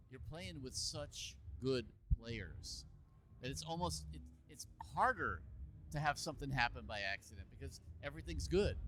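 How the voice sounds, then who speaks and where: A man hosts a relaxed interview, speaking in an unhurried, conversational way at a middle pitch. A faint hiss sits behind his voice. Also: poor audio. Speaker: interview host. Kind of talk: casual interview chat.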